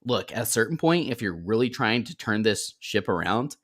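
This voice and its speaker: A man co-hosting a casual sports podcast, animated and jokey, bringing in comments from the live chat. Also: on the low side, normal speed. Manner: animated, jokey, laughs at his own points.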